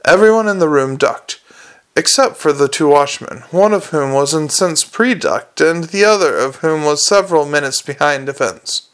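A man narrating an audiobook, with measured storytelling and small slips. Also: fairly high pitch, expressive, smooth.

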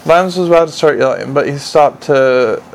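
A man reading a comic fantasy novel aloud in a dry, measured way. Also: on the high side, gravelly, a little hiss or hum, low-quality recording. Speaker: audiobook narrator. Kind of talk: audiobook narration.

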